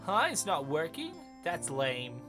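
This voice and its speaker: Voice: very animated, unhurried. A streamer voicing a bubbly, teasing teenage girl in an exaggerated Brooklyn accent, reading game dialogue aloud. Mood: playful. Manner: high and playful, teasing, stretched words. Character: bubbly teenage girl spirit medium, cheeky younger sister. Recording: game music underneath.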